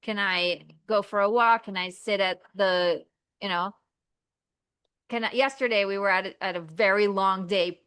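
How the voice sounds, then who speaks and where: A woman talking casually as a podcast guest, acting out inner voices in lively asides. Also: medium pitch, moderate pace, smooth.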